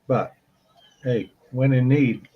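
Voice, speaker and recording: Husky-voiced co-host, dry one-liners, kinda muffled sound. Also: male voice, mid-range voice, steady tone, takes it slowly. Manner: dry short quips. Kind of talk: casual radio chat.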